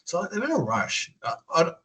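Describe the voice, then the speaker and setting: A man's voice: on the high side, wildly swooping pitch, normal speed, pushed and bright, rough recording. A man from Australia with an Australian accent, chatting loosely in an interview, full of fillers and restarts. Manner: rambling, many fillers and restarts. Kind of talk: casual interview chat. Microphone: video call.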